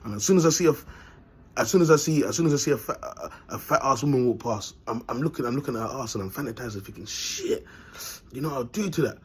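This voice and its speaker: A husky-voiced man speaks straight to camera in a loose, rambling monologue. He talks bluntly, piles on street slang and breaks into laughter often. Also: mid-range voice, racing. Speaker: vlogger.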